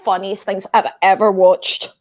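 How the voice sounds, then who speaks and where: A woman's voice: medium pitch, little pitch movement, measured pace. A woman chatting casually on a livestream, full of fillers. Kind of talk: casual chat. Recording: dull lo-fi call audio.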